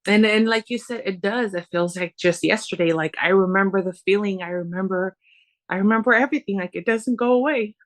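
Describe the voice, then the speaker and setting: A woman in her forties talks as a podcast guest, chatty and animated, slipping into the voices of people she remembers. Her pitch is middle-of-the-road for a woman. The delivery is loose and conversational. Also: fairly quick, no room sound. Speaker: interview guest. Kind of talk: personal storytelling in interview.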